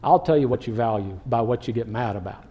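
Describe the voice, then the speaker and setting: A man who is a pastor preaching a sermon, animated, sometimes acting out what people in the story say. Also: mid-range voice, fast talker. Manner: animated preaching, acts out quoted speech.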